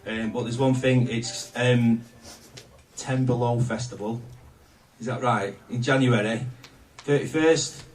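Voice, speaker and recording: A man's voice: mid-range voice, fairly even intonation, unhurried, faint music behind. Rambling male host. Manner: loose, self-deprecating, hesitant with fillers. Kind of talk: casual stage hosting. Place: live music studio venue. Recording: distant live room with noise.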